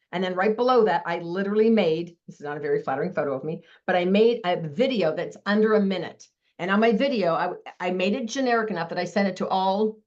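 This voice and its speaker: A woman giving a live online sales training, talking fast with a lot of energy over a video call. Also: on the low side, highs cut off.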